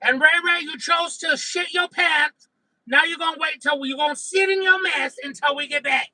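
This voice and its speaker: A man playing a loud, crude mother yelling threats at her unruly daughters in a comedic skit. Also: very high-pitched, moderate pace, no room sound, full character voice, rough recording. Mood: scolding.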